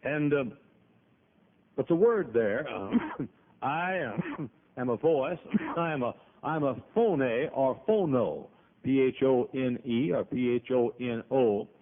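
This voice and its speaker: A man's voice: medium pitch, animated, slow. A male pastor preaching a sermon in a church auditorium, folksy and emphatic, with frequent coughs. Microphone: PA microphone. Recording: tinny phone-like lo-fi audio.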